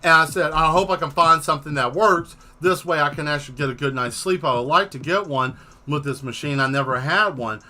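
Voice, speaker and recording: A man hosting a casual stream, telling a long exasperated story with plenty of swearing and animated asides. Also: on the high side, brisk. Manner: exasperated, profane, animated retelling. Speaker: host.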